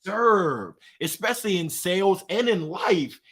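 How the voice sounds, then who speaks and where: A man guest talking in an energetic, preachy, slangy storytelling way in an interview. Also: high-pitched, measured pace, breathy edge. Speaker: guest, author. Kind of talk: motivational interview talk.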